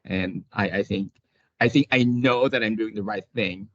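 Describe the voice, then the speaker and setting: Hesitant low-voiced man, dry dull sound. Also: moderate pace, a bit bright, no room sound. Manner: hesitant, many restarts, laughs often. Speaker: occupational therapist guest. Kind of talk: casual interview conversation.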